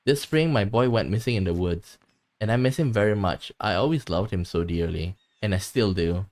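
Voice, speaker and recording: A man's voice: lowish voice, lively intonation, normal speed, a little mellow. A man reading aloud the lines of a bitter, possessive mother in a game, grieving her missing son and lashing out. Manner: resentful, lashing out in grief.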